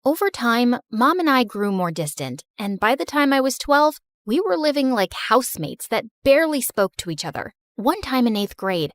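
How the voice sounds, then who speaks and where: Expressive woman narrating a story. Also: a little high, normal speed, few pauses, no echo, studio quality. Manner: emotional first-person storytelling.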